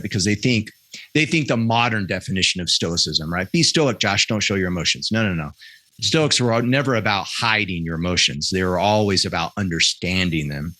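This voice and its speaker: In a candid, conversational interview, a podcast guest in his thirties shares a personal story with earnest sincerity, circling back and restarting sentences again and again. His voice is a bit low yet bright and forward, recorded close and dry with no room sound.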